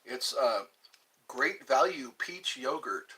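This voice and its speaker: A man's voice: medium pitch, lively intonation, slow, sharp tone. A man hosting a casual livestream, rambling, reading out viewer questions and answering them while eating yogurt. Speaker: livestream host.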